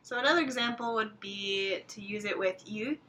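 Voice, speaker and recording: A woman's voice: mid-range voice, normal speed, pushed and bright. A woman guesting on a language podcast, explaining usage in a casual way full of "like" and "um". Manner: casual, lots of fillers and "like". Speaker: guest co-teacher. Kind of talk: casual lesson chat.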